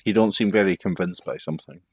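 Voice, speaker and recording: A man's voice: low voice, fast talker, a little mellow, no room sound. Laid-back man, dry close sound. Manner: laid-back, pointed questions. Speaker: podcast co-host. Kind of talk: casual chat.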